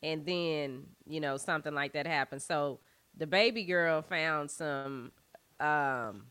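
A woman co-hosting a podcast and chatting in a relaxed, conversational way. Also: low-pitched, takes it slowly, clean tone, no echo. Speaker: podcast co-host. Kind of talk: casual chat.

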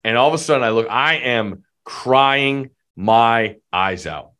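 A man's voice: medium pitch, animated, unhurried, bright, forceful tone, smooth. A man co-hosting a podcast, in friendly casual chat, checking in on his friend. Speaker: podcast co-host.

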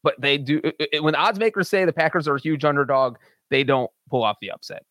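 A man with a slightly raised pitch co-hosts a sports betting podcast and reels off records and numbers. He speaks in a steady, matter-of-fact way. The sound is dry and close to the mic. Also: a little fast, no room sound. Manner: cites stats in an even, steady way. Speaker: podcast co-host. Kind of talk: casual sports betting chat.

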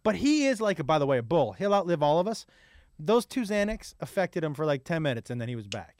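A man's voice: on the high side, fairly quick, dry recording, studio quality. A man who is a comedian guest on a podcast, telling stories in casual chat and swearing freely. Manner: animated storyteller, swears freely.

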